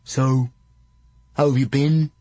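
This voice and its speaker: A man's voice: mid-range voice, fairly even intonation, slow, warm tone, breathy edge, no echo, voice pushed up. A man voicing a simple-minded, hulking male fool with a cheerful manner.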